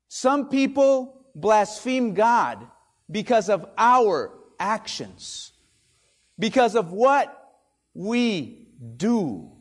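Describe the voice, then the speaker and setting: High-voiced, slow dramatic preacher man. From Spanish-speaking country. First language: Spanish. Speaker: pastor. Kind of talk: sermon.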